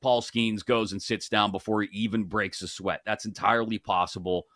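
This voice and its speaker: A man's voice: lowish voice, moderate pace, no room sound, studio quality. Man hosting a betting show. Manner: chatty, joking, animated asides. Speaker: sports betting show host. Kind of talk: casual sports betting chat.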